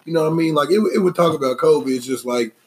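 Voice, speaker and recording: A man co-hosting a podcast in casual chat, animated and slangy, his voice jumping up when he gets worked up. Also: a little high, fast. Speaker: podcast co-host.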